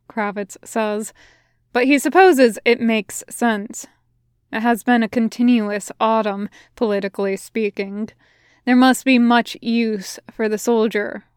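Slow, clear woman reading fiction. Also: medium pitch, no echo, clean studio sound. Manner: slow, even storytelling. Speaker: podfic reader. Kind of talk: read-aloud fiction narration.

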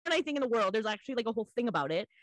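A woman co-hosting a podcast in casual chat, animated and laughing often. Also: fairly high pitch, very fast. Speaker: podcast co-host.

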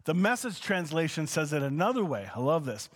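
A man with a fairly high voice delivers a conversational teaching sermon. He talks casually, sliding between quiet asides and bursts of excitement. His voice carries a long hall reverb. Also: brisk. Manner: animated, conversational, swings between soft asides and excited exclamations. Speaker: pastor.

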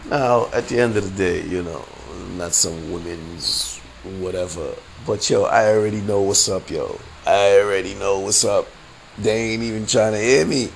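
Male podcaster, lowish voice, swears freely, repeats himself, faint hiss behind. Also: normal speed, vocal fry, rough recording. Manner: heated, profane, repeats himself a lot. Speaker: podcast host. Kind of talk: casual storytelling rant.

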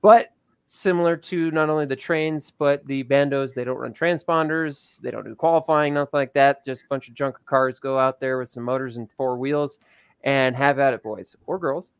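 A man's voice: mid-range voice, steady tone, normal speed, clean tone, no room sound. A man co-hosting a local racing show, recapping results in loose, chatty talk and laughing often. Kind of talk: casual chat.

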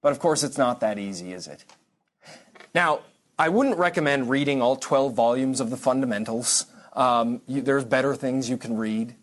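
A man teaching a church history class in an easy, conversational way. He wanders off on tangents, restarts his sentences and drops dry asides, and his voice sits at an ordinary, middle pitch. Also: normal speed. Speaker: lecturer.

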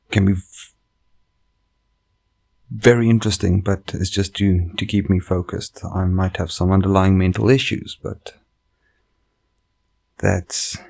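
A man with a low, gravelly voice hosts a casual story-reading show into a microphone. He wanders off track, swears often and breaks off mid-sentence to restart. The delivery is loose, unpolished comic chat. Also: darkish tone. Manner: rambling, profane, self-interrupting. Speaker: comedian and podcast host. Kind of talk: casual chat and reading online stories aloud.

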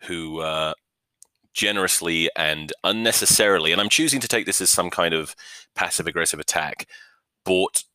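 Deep-voiced man ranting on a podcast. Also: moderate pace, sharp tone, clean tone, no echo. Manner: profane, joking, self-mocking, many restarts. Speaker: podcast host. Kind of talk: rambling comic rugby rant. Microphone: new podcast microphone.

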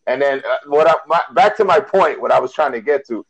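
A man's voice: mid-range voice, expressive, brisk, rough recording. A man with a Miami accent, a podcast host rambling through a story in casual group chat with lots of restarts.

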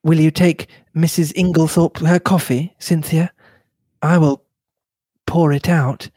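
A man voicing a polite, gentle young woman acting as hostess. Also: a little high, steady tone, unhurried, dry recording, studio quality, pitched above the performer's own voice. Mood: gracious.

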